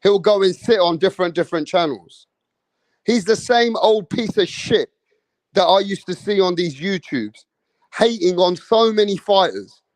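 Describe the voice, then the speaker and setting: A man's voice: high voice, lively intonation, normal speed, dry recording. A man ranting in a boastful, profane and heated way as a boxing YouTuber. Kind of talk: ranting commentary.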